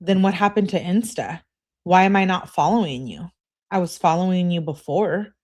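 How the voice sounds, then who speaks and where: A woman's voice: fairly low pitch, normal speed, a little mellow, close to an everyday voice. A woman reading aloud as an upset teenage girl, clingy and indignant, complaining in an exasperated way. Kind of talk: reading text messages aloud.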